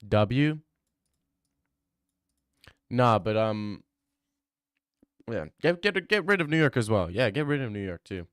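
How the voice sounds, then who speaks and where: A man hosting a casual livestream, joking and rambling as he reacts to his chat. His voice is smooth and clear at a middle pitch. The sound is dry and close to the mic. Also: sing-song, slow pace, pauses often, fairly bright tone, no room sound. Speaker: streamer.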